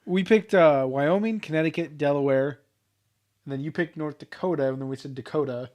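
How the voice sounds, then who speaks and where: A man's voice: a little high, darkish tone. A young man co-hosting a podcast, chatting casually with jokes, teasing and swearing. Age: young adult. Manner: joking, profane, quick to tease. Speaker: podcast co-host. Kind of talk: casual chat.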